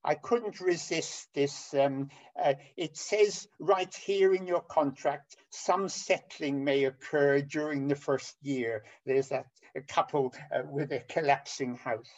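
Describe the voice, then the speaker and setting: An older man preaching a sermon, halting with many ums and restarts. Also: on the high side. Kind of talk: sermon over an online call. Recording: dull lo-fi audio.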